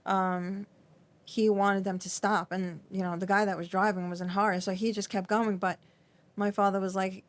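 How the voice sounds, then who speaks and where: A middle-aged woman talking as a podcast guest, her voice shaky as she recounts something painful, often halting, restarting and filling with "like". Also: mid-range voice, little pitch movement. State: shaky, trembling. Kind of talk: emotional interview recollection.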